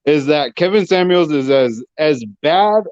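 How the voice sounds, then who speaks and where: A man's voice: on the high side, lively intonation, unhurried, a little mellow, clear, resonant tone, no echo. Young man on a dull, dry call line. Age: young adult. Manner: hesitant, lots of "you know" and restarts. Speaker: guest on a livestream. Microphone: online call connection.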